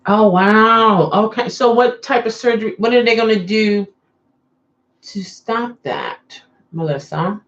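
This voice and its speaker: A woman's voice: a little high, animated, a little slow, lo-fi sound. Chatty woman hosting a livestream. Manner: chatty, coaxes viewers to answer. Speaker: livestream host. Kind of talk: casual livestream chat with viewers.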